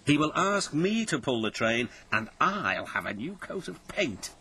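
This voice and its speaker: A man's voice: a little high, sing-song, a little slow, sharp tone, slight background noise, exaggerated voice. A man voicing a vain, boastful engine in a storybook reading.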